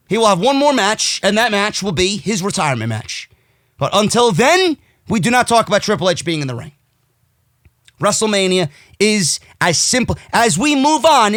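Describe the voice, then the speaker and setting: High, bright-voiced man ranting profanely. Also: lively intonation, normal speed, no room sound, clean studio sound. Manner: profane, sarcastic and heated, swinging loud. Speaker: wrestling podcast host. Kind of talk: ranting commentary.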